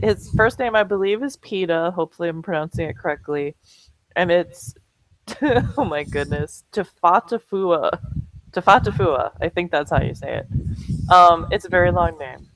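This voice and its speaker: A woman's voice: fairly low pitch, measured pace, poor audio. A woman co-hosting a comedic chat show, laughing often as she talks. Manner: giggly, laughs often while talking. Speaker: co-host.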